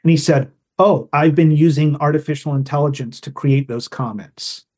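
Higher-voiced man telling anecdotes. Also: moderate pace, a little mellow. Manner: thoughtful, explains with examples and anecdotes. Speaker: guest storyteller. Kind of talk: casual podcast conversation.

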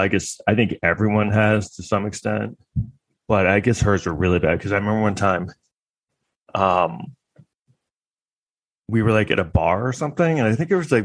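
Man with a low voice, sarcastic and crude, rambling through a comic rant, dry close recording. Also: fairly bright tone, no echo. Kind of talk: comedic monologue.

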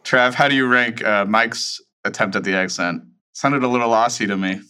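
Podcast host guy, bright voice, laid back and laughy, keeps the segments moving. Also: medium pitch, normal speed, clean tone. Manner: relaxed, laughing, runs the segments. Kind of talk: casual chat.

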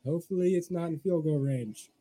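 A young man with a slightly raised voice, chatting casually and a little haltingly as he watches a video game match. He adds offhand reactions and comments between the plays. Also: fairly high pitch, mellow, a little hiss or hum, rough recording. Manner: easygoing, hesitant, chuckling. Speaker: friend co-commentating. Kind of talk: casual game-night chat.

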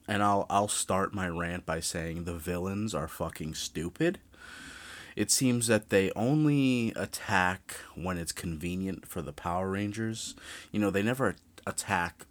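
A young man hosting a true crime podcast, ranting casually, animated and full of swearing. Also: low-pitched.

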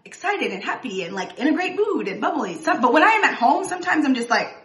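A woman's voice: high voice, sing-song, fast talker, distant mic. A woman in casual conversation, talking about emotions, laughing often and restarting her sentences. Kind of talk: casual chat. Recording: echoey room.

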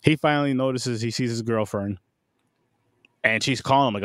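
A man's voice: mid-range voice, normal speed, no room sound. Laid-back man on a dry mic. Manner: laid-back, talks through opinions with fillers and swearing. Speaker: podcast co-host. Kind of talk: casual movie review chat.

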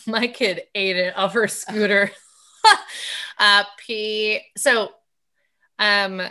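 Co-host, a woman in her thirties with a bright, sharp voice, casual and chatty. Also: medium pitch, steady tone, extremely slow. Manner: warm reactive listener, fills in with short asides. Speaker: podcast co-host. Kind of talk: casual chat.

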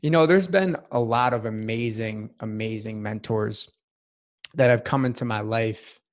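A man's voice: lowish voice, measured pace. A man, a guest in a casual interview, telling a personal story in an earnest, heartfelt way with many fillers. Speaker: podcast guest.

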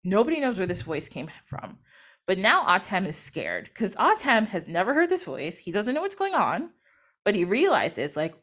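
A woman's voice: medium pitch, huge pitch swings, normal speed, a bit bright. A woman hosting a podcast, retelling a myth in a bubbly, giggly, chatty way. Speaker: podcast host. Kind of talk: casual storytelling.

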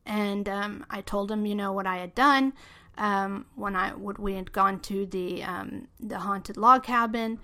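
A woman's voice: mid-range voice, steady tone, unhurried, sharp tone. A woman hosting a podcast, casually telling a true story from her life, with many "you know" and "okay?" asides. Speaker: podcast host.

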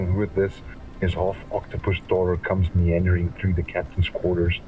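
A man running a tabletop game, narrating in a playful, laid-back way with a very deep voice. He sits a bit back from the mic, with faint noise underneath. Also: flat delivery, normal speed, recorded from a distance, narrow, tinny audio. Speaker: game master.

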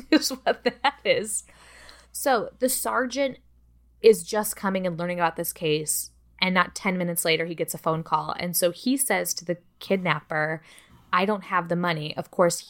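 A woman with a somewhat low voice tells a true-crime story on a podcast. She keeps it casual and chatty, cursing freely and slipping in joking asides. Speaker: podcast co-host.

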